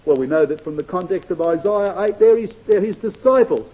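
High-voiced, mellow male preacher. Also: expressive, rough recording. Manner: earnest, emphatic, slows down to stress quotations; varies loudness widely, dropping to near hush. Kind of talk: sermon.

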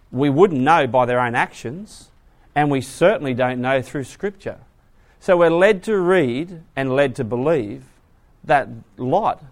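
A man with a voice on the high side preaches a sermon, retelling a story with lively voices and putting questions to the audience.

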